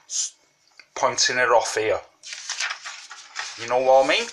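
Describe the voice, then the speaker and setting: A man walks viewers through origami folds in an unhurried, rambling way, full of fillers and asides. He talks around a mint in his mouth. Faint background hiss and small clicks sit under the voice. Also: medium pitch, fairly even intonation, sharp tone. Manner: chatty, repeats "you know what I mean", many fillers. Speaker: origami tutorial host. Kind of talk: casual step-by-step craft tutorial.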